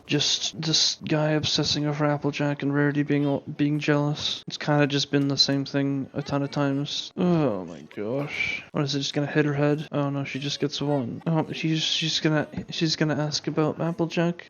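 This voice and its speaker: A man's voice: fairly high pitch, fairly bright tone, dull audio. A young man commenting on a cartoon episode as he watches, sarcastic and swearing, with lots of restarts and fillers. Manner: sarcastic, swears a lot, trailing restarts and laughs. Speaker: reaction channel host. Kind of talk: casual reaction commentary.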